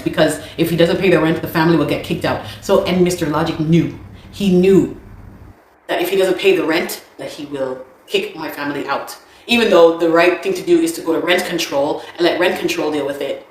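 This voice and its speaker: A woman telling a personal story of a dispute in an animated, indignant way, often repeating words. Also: low voice, roomy sound. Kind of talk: casual spoken account.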